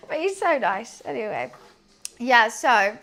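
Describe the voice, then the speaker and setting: A young woman streaming and chatting casually, telling a story with quick asides and frequent laughs. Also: a little high, a bit bright. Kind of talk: casual chat to a stream audience.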